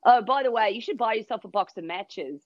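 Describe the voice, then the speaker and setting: A man's voice: sits high, a little fast, dry recording, lo-fi sound, close to an everyday voice. A woman voicing a laid-back young male Australian snowboarder with a dry, teasing manner.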